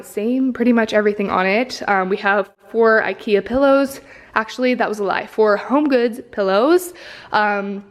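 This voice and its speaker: Young woman, mid-pitched, chatty home-tour vlogger walking through her apartment with a handheld camera. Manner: chatty, upbeat, lots of "um" and "like". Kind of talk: casual apartment tour vlog.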